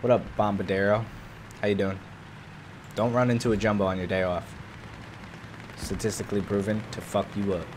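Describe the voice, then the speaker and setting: A man's voice: fairly low pitch, fairly even intonation, a little fast, long pauses, background noise. A man co-hosting a gaming podcast, bantering playfully in casual chat while he plays. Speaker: podcast co-host.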